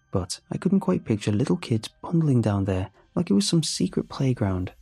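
Husky low-voiced male horror narrator. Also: dark tone, dry recording. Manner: measured, storytelling. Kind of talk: first-person horror story narration.

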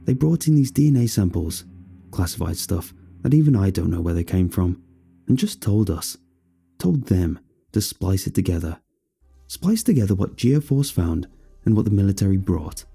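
A man's voice: low-pitched, vocal fry, dark tone, breathy edge, full character voice. A man voicing a blunt, bearded truck driver in his mid-thirties who talks in a matter-of-fact way.

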